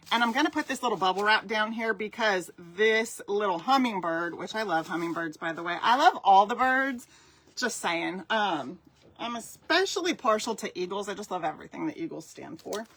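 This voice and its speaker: Middle-aged woman, craft instructor on a live stream, chatty and upbeat, mid-pitched voice, talks straight to her viewers. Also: a bit bright. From Southern California. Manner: chatty, enthusiastic, addresses viewers directly.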